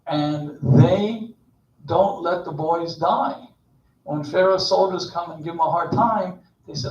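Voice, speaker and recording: A man's voice: fairly high pitch, moderate pace. Man giving a chatty sermon from far off. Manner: conversational, digressive, joking asides. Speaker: speaker at Shabbat service. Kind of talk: informal sermon. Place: temple sanctuary. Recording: distant, echoey, dull.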